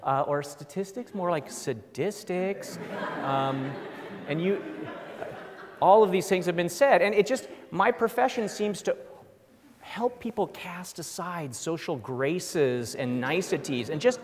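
A man's voice: a little high, unhurried. A middle-aged man giving a humorous lecture as a professor, wry and self-deprecating, acting out quotes. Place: large lecture hall. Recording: long hall reverb.

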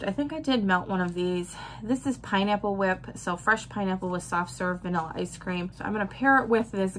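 A woman vlogger with a medium-pitched voice chats casually about her weekly wax melts, listing scent notes and laughing often. There's slight background noise in this casual product chat.

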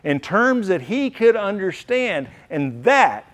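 Man, middle-aged, slightly high voice, earnest heartfelt storytelling, banquet speech. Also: very animated, takes it slowly, fairly bright tone. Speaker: banquet speaker. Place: banquet hall.

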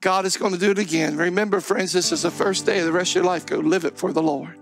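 High, gravelly-voiced fervent preaching man. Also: fairly even intonation, fast, faint music behind. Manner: impassioned, shouting and crying out in prayer; repetitive pleading refrains. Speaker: pastor. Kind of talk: fervent sermon prayer.

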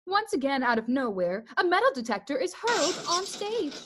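A woman reads out the stage directions of a comic play. Her fairly high voice stays brisk and matter-of-fact throughout. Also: big pitch swings, background noise. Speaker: narrator reading stage directions.

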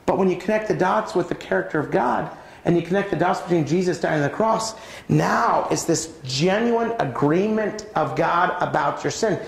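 Animated man preaching in a roomy hall. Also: moderate pace, vocal fry. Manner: animated, swings pitch widely while acting out stories. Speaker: conference speaker. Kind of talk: preaching talk with personal stories. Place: church auditorium. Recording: roomy church hall sound.

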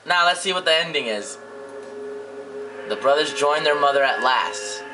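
A young man giving casual, joking gaming commentary with friends, loud and full of swearing. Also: fairly high pitch, animated, moderate pace. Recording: game audio with loud noise behind.

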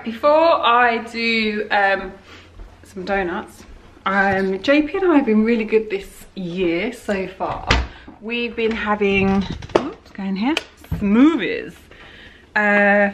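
A woman's voice: medium pitch, expressive, slow. A woman chatting casually in her home kitchen, filming a homely, rambling vlog. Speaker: vlogger. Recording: echoey kitchen, clear background noise.

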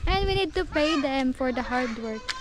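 A woman's voice: high voice, animated, moderate pace. A young woman with a Filipino accent, chatting upbeat to viewers as she tours her mountain farm on a handheld phone. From Philippines. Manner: chatty, upbeat, often addresses viewers as guys. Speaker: vlogger. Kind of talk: casual vlog tour. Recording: noisy outdoor phone recording.

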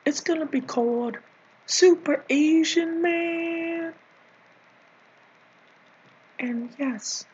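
A man's voice: very high-pitched, highs cut off, a little hiss or hum, exaggerated voice. A man doing a put-on voice for a bossy, scolding comic nanny character, rambling and teasing with sudden whispers. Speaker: video creator. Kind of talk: improvised comedy rant in a put-on voice.

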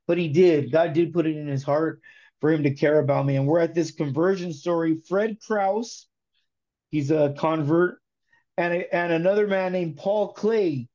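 A man giving an emotional conversion testimony in casual chat, animated and slangy, telling his story in the present tense. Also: a little high, normal speed, muffled recording.

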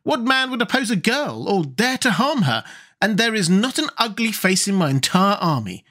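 A man reading an audiobook, voicing a brisk and proud young woman who leads a rebel army, with a sharp, commanding manner. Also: high-pitched, sing-song, voice pushed up, exaggerated voice. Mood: scornful.

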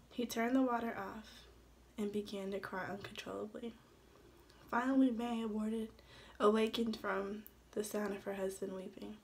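A young woman reads her own story assignment aloud, stumbling now and then on a word. Her voice sits at an average pitch. A faint background noise runs under the recording. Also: darkish tone. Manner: reads from the page with small stumbles. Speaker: student.

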